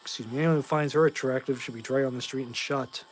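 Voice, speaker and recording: A man's voice: mid-range voice, fairly even intonation, fast talker, soft background music. A tired man in his forties from Massachusetts, hosting a casual livestream and talking bluntly and in rambling fashion as he answers chat. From Massachusetts, USA. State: tired, short on sleep.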